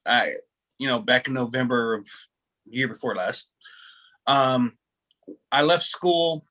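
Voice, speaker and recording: Taking it slowly, a man with a mid-range voice and a bright, forceful tone hosts a casual video call. He is a rambling storyteller who restarts a lot and pokes fun at himself.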